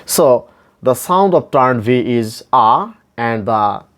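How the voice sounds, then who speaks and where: A man teaching pronunciation, repeating each word slowly and spelling it out letter by letter. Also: mid-range voice. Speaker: English phonetics teacher. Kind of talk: slow pronunciation lesson.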